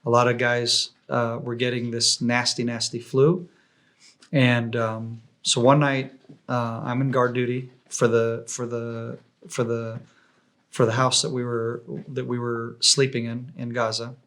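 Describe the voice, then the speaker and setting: A man's voice: mid-range voice, a little slow. Man telling a war story. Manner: animated, many restarts and repeated words. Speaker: podcast guest.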